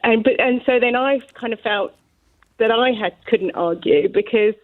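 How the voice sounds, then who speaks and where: A woman's voice: fairly high pitch, normal speed, dry recording. A woman calling in to a radio show, chatty and a little nervous, laughing as she talks. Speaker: caller. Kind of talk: phone-in call. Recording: tinny phone line.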